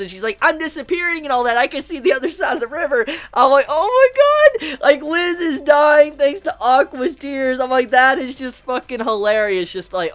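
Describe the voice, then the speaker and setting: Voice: mid-range voice, fairly bright tone. An anime reviewer giving a casual spoken episode review, swearing often and laughing while talking.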